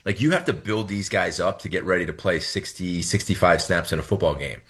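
A man's voice: sits low, animated, fairly quick, a bit bright, slightly rough. A man in his thirties, a head football coach, explaining his choices in a radio interview and repeating words as he thinks.

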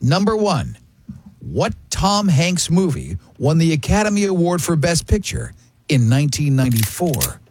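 A man hosts a radio show in casual, joking banter, quizzing a caller. His voice sits a little high and swings widely in pitch, as if he's always about to crack a joke. A faint hiss runs under the recording. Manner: joking, animated, quick asides. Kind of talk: casual radio banter running a trivia game.

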